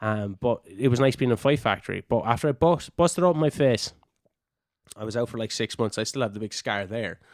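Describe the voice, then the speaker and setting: A young Irish man, a wrestler guesting on a podcast, telling casual stories full of swearing and lively asides. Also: mid-range voice, a little fast, dry recording, studio quality. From Ireland. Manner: swears freely, animated anecdotes. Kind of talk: casual storytelling.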